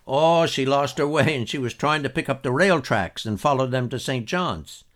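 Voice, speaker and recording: A man puts on an older Newfoundland storyteller, spinning a yarn in thick folksy dialect. The voice rises higher and fuller as the tale gets exciting, with a lively swing to the pitch. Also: normal speed, natural voice. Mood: excited yarn.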